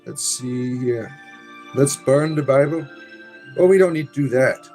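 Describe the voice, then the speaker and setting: A man's voice: medium pitch, measured pace, darkish tone, faint music behind. A man hosting a casual livestream, reading viewer comments aloud with wry remarks and muttered asides. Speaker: livestream host reading chat. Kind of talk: casual live-stream chat.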